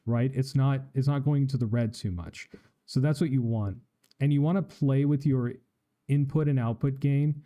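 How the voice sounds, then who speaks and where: Man, very dark mellow tone, casual streamer walking through mic settings, home room, studio mic. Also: mid-range voice. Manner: explanatory, casual, tests mic with test phrases. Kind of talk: live-stream tech tutorial. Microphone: studio microphone with live effects.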